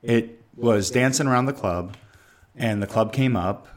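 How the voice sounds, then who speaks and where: A man's voice: mid-range voice, unhurried. A man co-hosting a casual chat and plainly retelling a story.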